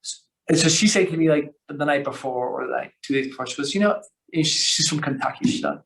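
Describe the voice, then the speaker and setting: A man telling long stories as a podcast guest, rambling and animated, with lots of fillers, restarts and slang. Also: a little high, rapid-fire, gravelly. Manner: slangy, calls the host bro. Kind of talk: casual storytelling conversation.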